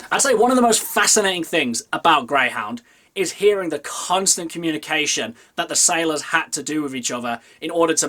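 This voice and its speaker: A man giving a casual spoken movie review, chatty, with emphatic jumps up in pitch on key phrases. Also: fairly bright tone. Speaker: film reviewer.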